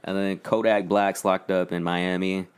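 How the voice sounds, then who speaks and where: Young male co-host, very low smooth voice, laid-back. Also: level tone, unhurried. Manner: laid-back, reads off news items. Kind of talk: casual chat.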